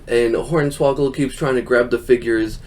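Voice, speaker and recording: A man's voice: medium pitch, fairly even intonation, moderate pace, darkish tone. A young man hosting a podcast, recapping a show in casual, rambling chat, laughing often and quoting people in silly voices. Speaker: podcast host.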